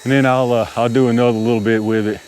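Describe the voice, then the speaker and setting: A man with a drawl chats through a flight out in the open air. He sounds loose and excitable, calls out to his viewers, and laughs off his own nervous slips. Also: mid-range voice, fast, slight background noise. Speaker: RC hobby video host. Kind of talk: casual running commentary while flying. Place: outdoors, small open area.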